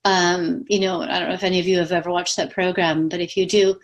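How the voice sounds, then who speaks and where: A woman speaking coach giving casual, lively advice from home over a video call, laughing easily. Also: fairly low pitch, fast, few pauses. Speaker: communication coach. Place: home with pets.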